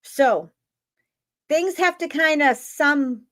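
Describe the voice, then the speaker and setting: Woman host, tarot reader, casual live-stream chat; blunt and sweary, voice sitting a little high. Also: expressive, slow pace, a bit bright. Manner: chatty, blunt, swears freely, keeps asking "right?".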